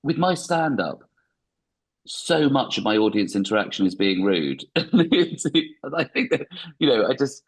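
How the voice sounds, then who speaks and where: Husky middle-aged man, chatty and self-mocking. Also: medium pitch, big pitch swings, measured pace, low-quality recording. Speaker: comedian guest. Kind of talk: casual interview chat.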